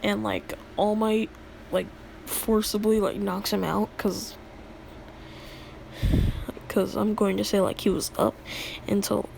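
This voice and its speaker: A woman's voice: mid-range voice, little pitch movement, slow pace, creaky, pauses often, darkish tone, a little hiss or hum. A young woman casually retelling a made-up story in a rambling, filler-heavy way, laughing at her own jokes.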